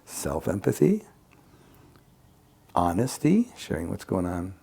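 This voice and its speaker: A man's voice: sits low, wildly swooping pitch, slow, creaky, mellow, breathy edge. A man who works as a conflict mediator, explaining his method reflectively in a casual podcast conversation. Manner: reflective, explains with acted examples.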